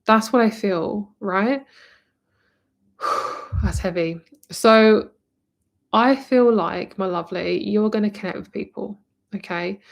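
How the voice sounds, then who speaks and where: A tarot reader from near London, with a southern English accent, gives a rambling, chatty live-stream reading and calls the viewer "my lovely." Her mid-range voice is slow, with vocal fry and frequent pauses.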